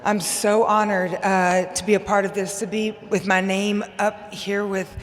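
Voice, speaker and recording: A woman's voice: medium pitch, measured pace. Bubbly Texan woman in a big hall. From Texas, USA. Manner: bubbly, rambling, excitable. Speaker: hall of fame inductee. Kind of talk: acceptance speech. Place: large banquet hall. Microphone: podium microphone. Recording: long hall reverb, faint noise.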